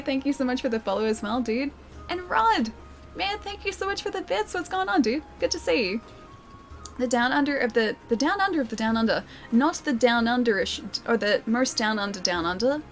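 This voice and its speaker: A young Australian woman with a fairly high, soothing voice, chatting loosely with her viewers as she plays. She laughs easily between thoughts, and a quiet music bed runs under her talk. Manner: chatty, laughs often, reads and answers chat. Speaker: streamer. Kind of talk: casual live-stream chat while gaming.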